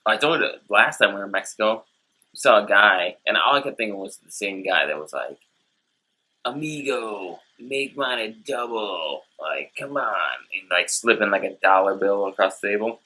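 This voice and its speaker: A man's voice: fairly low pitch, brisk, sharp tone. A man co-hosting a comedic beer tasting show, telling rambling stories in casual chat and acting out what people said. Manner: rambling storyteller, acts out quotes. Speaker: co-host of a beer tasting web series.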